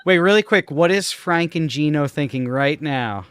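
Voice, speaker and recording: A woman's voice: low voice, lively intonation, moderate pace, smooth, no echo. A woman hosting a casual podcast, recapping clips in a chatty, giggly way with lots of fillers. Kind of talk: casual chat.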